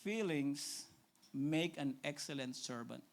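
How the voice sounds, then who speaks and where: A male pastor with a Filipino accent preaching a sermon, emphatic and repetitive, often asking "right?" and dropping to a hushed, pleading tone. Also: a little high, lively intonation, slow, vocal fry. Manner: emphatic, repeats phrases, asks "right?" often; shifts between loud preaching and hushed pleading.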